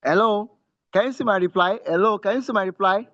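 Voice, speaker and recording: Male instructor, slightly high pitch, emphatic and repetitive, dry lo-fi video-call sound. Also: brisk, fairly bright tone, dry recording. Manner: repetitive, checks in with listeners often; emphatic teaching tone. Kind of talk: online class with screen share.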